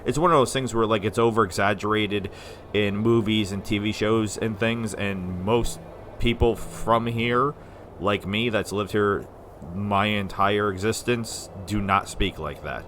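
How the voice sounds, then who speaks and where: A man from the United States giving casual, rambling let's-play commentary as a gaming video host, sometimes slurring syllables when excited. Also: lowish voice, unhurried, slight background noise. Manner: rambling, chatty, self-deprecating.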